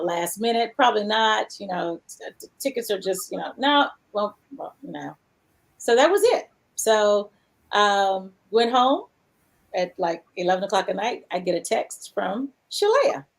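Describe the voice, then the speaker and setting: A woman hosting a talk show, chatting casually and telling stories with lively, acted-out quotes. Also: gravelly. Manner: animated storyteller, acts out quotes with big pitch jumps. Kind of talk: casual chat.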